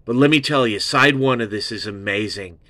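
A man hosting an album review show, gushing and excitable, repeating himself and swearing freely. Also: mid-range voice, brisk, no room sound. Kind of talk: rambling casual album review.

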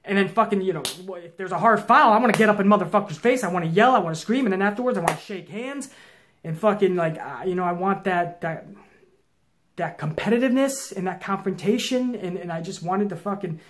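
A young man hosting his own show, telling a long story to viewers in a casual, profane, intense way that swings from low mutters to loud challenges. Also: brisk. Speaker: show host.

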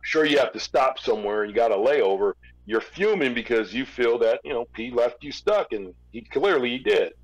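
A man in an interview, casually telling a long story with relaxed restarts. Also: medium pitch, moderate pace, no echo, low-quality recording. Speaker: interview guest, former record label executive.

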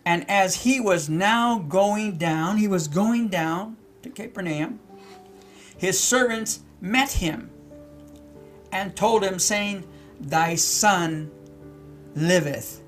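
A man's voice: sits high, slow pace, faint music behind. A middle-aged male pastor teaching scripture verse by verse, repeating key words and asking his listeners questions. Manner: reads verses then explains them, with many repeats and questions to the listeners. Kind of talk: slow Bible-teaching sermon.

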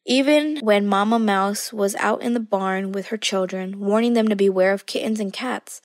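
A young woman reads a children's storybook aloud in a steady, measured way. Her voice sits at a middle pitch, and the recording is close and dry with no room echo. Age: young adult. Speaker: storytime reader.

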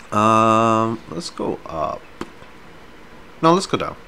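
A man's voice: fairly low pitch, gravelly, a little hiss or hum. A man on a live stream, chatting casually with viewers and reading a book aloud. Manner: casual, rambling, with fillers; lively when reading. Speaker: streamer and reader.

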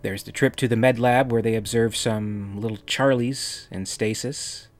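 A man's voice: on the low side, steady tone, measured pace, soft background music. Dry, wry male video essayist. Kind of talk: comic review narration.

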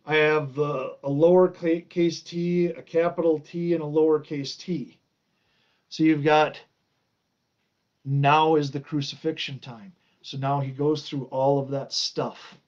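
Male Bible teacher, high and unhurried delivery, leaning hard on key words. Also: steady tone, a little mellow, dull audio. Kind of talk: informal Bible study teaching.

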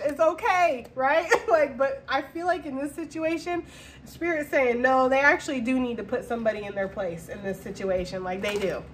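A woman giving a casual, slangy tarot reading to her viewers, talking in an animated way with frequent laughter. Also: sits high, brisk, slight background noise. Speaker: tarot reader.

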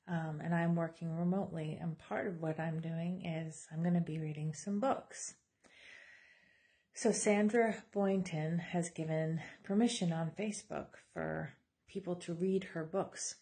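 A young woman reads a children's picture book aloud at home, slow and unhurried. Her voice sits a little low, and she is friendly and playful, throwing in animal noises as she goes. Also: gravelly, dark tone. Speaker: office manager reading to children. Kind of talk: storybook read-aloud.

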